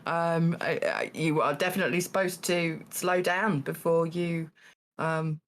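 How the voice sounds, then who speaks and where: A woman hosting a live-streamed game show, talking in a halting way with lots of fillers and small laughs. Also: sits low. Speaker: Taskmaster host.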